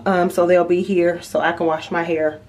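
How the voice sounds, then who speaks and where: A woman with a lowish, slightly mellow voice chats casually to her viewers at home, showing off what she has bought in a level tone at a moderate pace. The vlog is filmed with the camera at a distance in an echoey room.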